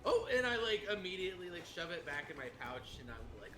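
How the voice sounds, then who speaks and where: Soft-spoken man role-playing at the table. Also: high voice, very animated, fairly quick, few pauses, music in the background. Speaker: player.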